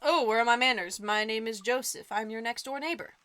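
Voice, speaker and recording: A woman's voice: on the high side, a little fast, fairly bright tone, close to an everyday voice. A woman voicing a cheerful, chatty next-door neighbor dad, reading game dialogue aloud in a folksy, friendly way. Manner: friendly, folksy small talk.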